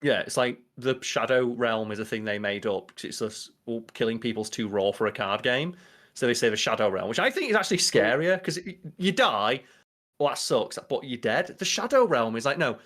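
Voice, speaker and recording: Casting: young man, casual podcast co-host, animated and profane, mid-pitched. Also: normal speed. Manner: animated, swearing, riffing. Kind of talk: casual chat.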